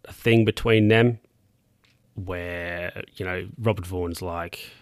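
A man's voice: low voice, steady tone, slow pace, clear, resonant tone, no room sound, clean studio sound. A man casually recapping a film scene by scene, rambling and correcting himself with plenty of fillers.

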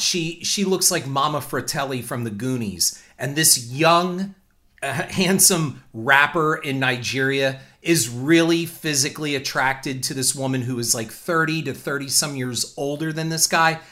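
A man's voice: fairly high pitch, measured pace, pushed and bright. A man hosting a talk show, delivering a blunt, indignant and profane opinion rant. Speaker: podcast host.

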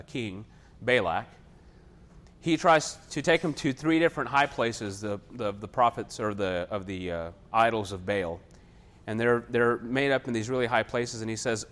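A man preaching a sermon, retelling a Bible story and acting out the figures' lines with a raised, animated voice. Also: medium pitch.

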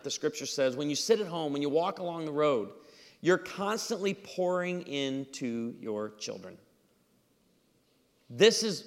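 A male pastor delivering a funny, story-driven sermon in a church hall, with a somewhat high voice. He acts out the people in his stories with lively energy. The sound carries the long reverb of a large room. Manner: animated, acts out dialogue in stories. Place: church auditorium.

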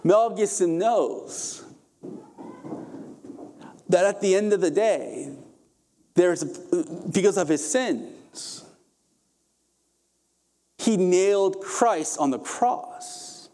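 A man preaching a sermon as pastor, passionate and emphatic, climbing to forceful peaks and then dropping to a softer, calmer tone. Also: high-pitched, drawn-out words, pauses often.

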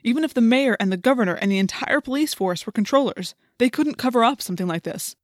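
A woman's voice: fairly high pitch, animated, fast talker, dry recording, studio quality, pitched above the performer's own voice, natural voice. A woman voicing an earnest teenage boy who leads his friends, speaking persuasively.

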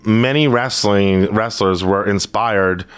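A man's voice: on the low side, takes it slowly, clean tone. A man co-hosting a podcast, bantering casually, joking and riffing on bits with his co-host. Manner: joking banter, sings snippets and riffs on bits. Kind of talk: casual chat.

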